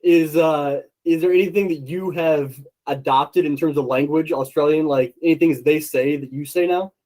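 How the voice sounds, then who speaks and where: A man hosts a casual interview, chatty and friendly, with frequent filler words. His voice sits a bit high. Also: steady tone, moderate pace, darkish tone, poor audio. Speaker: podcast host.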